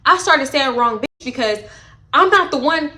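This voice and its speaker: A young woman telling a story in a casual vlog, animated and profane, with dramatic retellings. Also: high voice, normal speed. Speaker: storytime vlogger.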